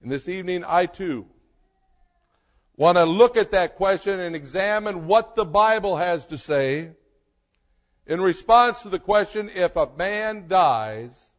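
A male pastor delivers his sermon in a high voice, slowly and emphatically, leaning on dramatic pauses. His words ring out with a long reverb, as if spoken in a large church sanctuary.

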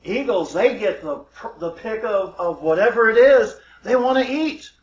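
A man's voice: sits high, animated, moderate pace. A man voicing a wise old male owl who patiently coaxes and encourages, lingering over tempting descriptions. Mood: enthusiastic. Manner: coaxing, savoring descriptions. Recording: roomy, dull lo-fi recording.

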